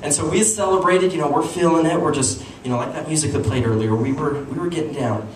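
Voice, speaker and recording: A young man performs stand-up, spinning a self-deprecating dating story and leaping into higher voices for the quoted bits. His voice sits at an ordinary middle pitch. It is picked up from a distance, with a roomy echo and a steady buzz of audience noise behind him. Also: quick pace. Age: young adult. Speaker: stand-up comedian. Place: small venue with audience. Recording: echoey room, distant mic, audience noise.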